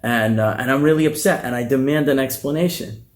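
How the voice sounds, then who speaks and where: A man's voice: mid-range voice, a little fast, voice pushed up, lightly acted. A man voicing an exasperated male messenger who is suspicious and indignant, with agitated complaining.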